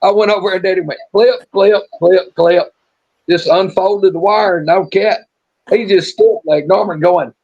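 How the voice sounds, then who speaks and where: Husky high-voiced storyteller man. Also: fairly even intonation, unhurried, a little mellow. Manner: drawling, folksy yarn-spinning with restarts. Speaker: storyteller on a live show. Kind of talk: casual storytelling. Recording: muffled lo-fi stream audio.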